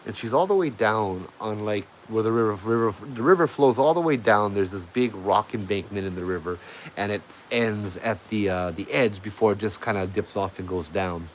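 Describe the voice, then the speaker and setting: A man from Hawaii with a fairly low voice hosts a livestream at normal speed, telling his live chat a ghost story. He rambles casually, full of fillers and restarts, over poor audio with slight background noise.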